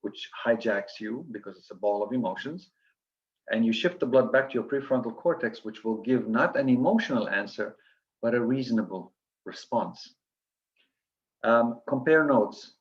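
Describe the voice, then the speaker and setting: A man's voice: medium pitch, normal speed, lo-fi sound. A man giving an earnest coaching lecture to physicians, listing steps with frequent restarts.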